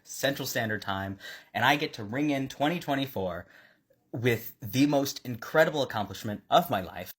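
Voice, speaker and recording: Husky, effusive man, casual vlog talk. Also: medium pitch. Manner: effusive, emotional, swears freely. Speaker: artisan vlogger. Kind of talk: casual selfie-video talk.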